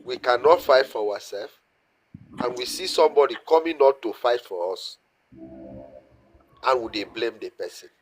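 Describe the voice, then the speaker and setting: A man's voice: medium pitch, animated, normal speed, long pauses. A Nigerian man with a Nigerian Pidgin-inflected accent, calling in and speaking with impassioned pleading, often repeating himself. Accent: Nigerian Pidgin-inflected English. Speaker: caller. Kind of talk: impassioned call-in comment.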